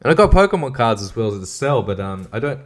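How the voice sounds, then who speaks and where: A man's voice: mid-range voice, very animated, quick pace. A man hosting a podcast, rambling casually with profane, exasperated rants. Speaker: podcast host.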